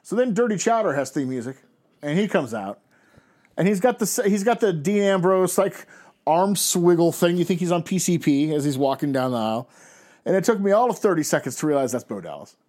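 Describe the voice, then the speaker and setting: A man's voice: on the high side, animated, brisk, a little mellow. A man in his thirties ranting sarcastically and profanely in a casual podcast chat. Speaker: podcast co-host. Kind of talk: casual chat, wrestling recap.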